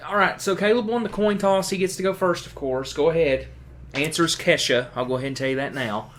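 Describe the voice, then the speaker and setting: A man's voice: a little high, brisk, fairly bright tone, slight background noise. A man co-hosting a podcast, chatting casually with teasing, competitive banter. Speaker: podcast co-host. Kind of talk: casual chat.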